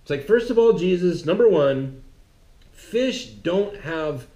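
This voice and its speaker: A man gives a sermon-style monologue in a mocking, conversational tone. His voice sits a little high and swings widely in pitch. A roomy echo hangs on his words. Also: expressive, slow pace, mellow.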